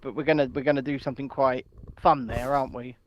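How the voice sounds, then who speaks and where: A man co-hosting an irreverent news chat show, loud, jokey and swearing. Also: mid-range voice, little pitch movement, fast talker, no echo. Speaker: podcast co-host.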